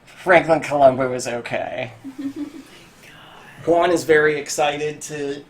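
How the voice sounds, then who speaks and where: A man's voice: on the high side, slow pace. A man game-mastering a tabletop game, narrating in a rambling way with lots of fillers and swearing.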